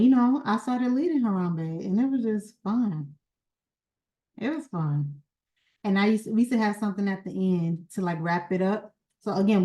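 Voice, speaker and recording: A woman hosting her own channel, casually reminiscing in a rambling, chatty way, pausing to search for words and a little sleepy. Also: fairly low pitch, mellow, poor audio. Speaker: genealogy channel founder and host.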